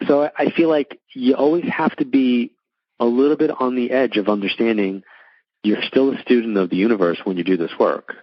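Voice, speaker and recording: Middle-aged man, husky voice, talking casually in a dry, close room, muffled sound. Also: medium pitch, brisk, no echo. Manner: chatty, many likes and restarts, acts out quoted voices. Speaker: psychic medium guest. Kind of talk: casual storytelling interview.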